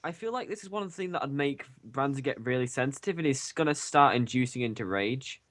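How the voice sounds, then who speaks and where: A man's voice: mid-range voice, expressive, fast talker, fairly bright tone. A man playing a tabletop role-playing game, rambling and stopping to rethink. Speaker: player. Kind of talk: casual tabletop role-play chat.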